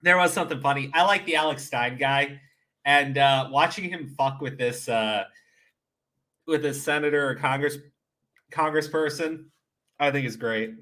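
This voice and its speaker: A man's voice: medium pitch, unhurried, long pauses, a bit bright. A man giving casual, profane reaction commentary, often laughing and restarting his sentences. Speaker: commentary streamer.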